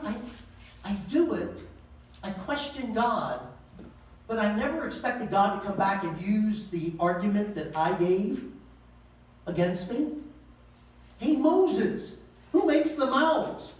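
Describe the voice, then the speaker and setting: A man's voice: sits high, expressive, unhurried, pauses often. A male pastor preaching a sermon in a folksy, conversational way, with slang and pointed rhetorical questions. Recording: echoey room, voice from far off.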